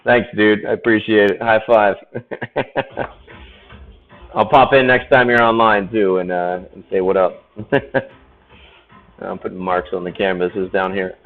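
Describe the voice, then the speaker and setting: A man chatting casually while he paints live, joking around and laughing often. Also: on the low side. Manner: jokey, laughs often, playful banter. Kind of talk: casual chat. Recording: dull, muffled stream audio.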